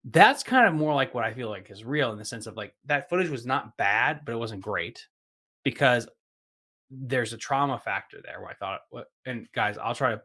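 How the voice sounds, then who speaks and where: A man's voice: mid-range voice, lively intonation, normal speed, bright, forceful tone. A man hosting a podcast in casual chat. He rambles, leans heavily on "like", and swears freely. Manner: rambling, heavy use of "like" fillers, swears casually. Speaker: podcast host.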